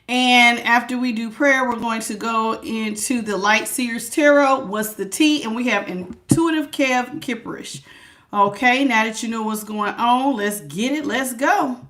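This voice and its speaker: A woman doing a casual live tarot reading, chatty and lively, calling her viewers baby and honey. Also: a little high, unhurried, noisy background. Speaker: tarot reader.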